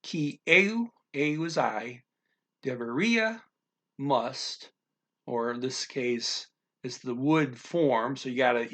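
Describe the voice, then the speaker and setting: A man walks learners through a text one word at a time. He speaks very slowly, with a slightly high voice and a gravelly edge. He often stops, adds an um, and starts again. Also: fairly bright tone. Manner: halting, full of ums and restarts, explains word by word. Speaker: language teacher. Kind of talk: casual language lesson walkthrough.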